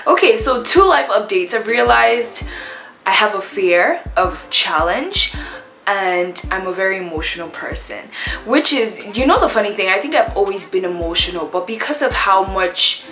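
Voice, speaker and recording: A young woman chatting candidly while doing her makeup, reflective and quick to laugh. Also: medium pitch, expressive, bright, forceful tone. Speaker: beauty vlogger. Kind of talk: get-ready-with-me chat while doing makeup. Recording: echoey room with faint music.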